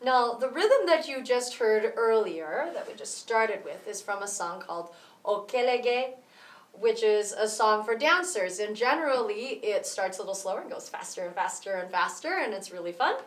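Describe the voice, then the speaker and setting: At a moderate pace and medium pitch, a woman expressively explains a music rhythm lesson in steps, counting beats aloud as a tutorial. Her voice carries a roomy echo and comes from some distance away.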